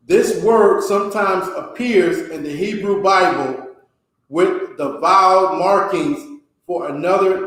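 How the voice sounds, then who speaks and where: A man teaching a class, reading a text aloud and explaining it, often checking with a quick "okay?". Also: sits high. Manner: slow, ends phrases with a checking "okay?". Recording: very echoey room.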